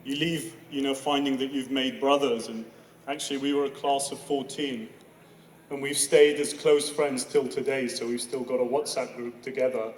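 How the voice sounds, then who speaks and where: A man's voice: mid-range voice, little pitch movement, moderate pace, slight background noise. A man, a former student, giving a light-hearted, self-deprecating anniversary speech. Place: school event hall. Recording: echoey hall, speaker far from mic.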